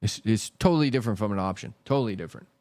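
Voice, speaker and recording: A man's voice: fairly low pitch, lively intonation, very fast, a little mellow, no room sound. Exasperated, foul-mouthed male stream host. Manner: exasperated, swears heavily, repeats himself. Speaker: stock market livestream host. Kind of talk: casual profane market rant.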